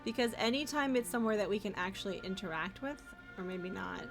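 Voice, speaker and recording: A woman's voice: mid-range voice, expressive, brisk, music in the background. Chatty woman streaming a game. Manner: chatty, playful, talks to chat and pets. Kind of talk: casual gameplay commentary.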